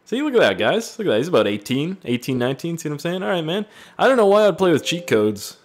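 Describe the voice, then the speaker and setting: A man reading fan voice messages aloud and reacting with loud, profane jokes in a casual gaming video. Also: a little high, big pitch swings, fast. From Canada. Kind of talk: casual gaming vlog commentary.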